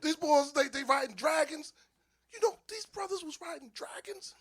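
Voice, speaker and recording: High-voiced, animated Philly comedian. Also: male voice, moderate pace. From Philadelphia. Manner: loose, animated storytelling with frequent laughs. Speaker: stand-up comedian. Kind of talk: stand-up comedy set. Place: small live venue with audience.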